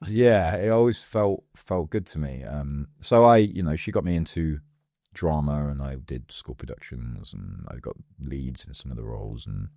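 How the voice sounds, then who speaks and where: A man from England, a guest in a casual interview, telling stories in a lively way and acting out the voices of people he quotes. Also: very deep voice, moderate pace, creaky, dry recording, clean studio sound. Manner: lively storyteller who acts out quoted voices. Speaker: podcast guest.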